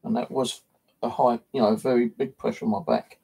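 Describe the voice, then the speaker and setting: Gravelly, husky British man live-streaming. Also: mid-range voice, fairly even intonation, a little fast, mellow. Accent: British English. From United Kingdom. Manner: blunt and sweary, scolding. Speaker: paranormal vlogger. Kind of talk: casual live-stream chat. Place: home flat.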